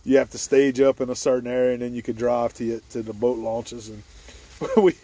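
A man's voice: mid-range voice, level tone, a little fast, mellow, no echo. A man, hosting a hunting video and telling a story outdoors with frequent laughter. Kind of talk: casual storytelling. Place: outdoors at a boat launch before dawn.

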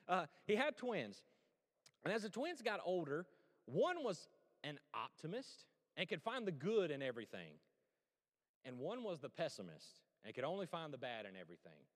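Animated high-voiced male pastor preaching. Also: in a large hall. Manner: storytelling, animated, asks the crowd questions. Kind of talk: sermon. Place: church sanctuary.

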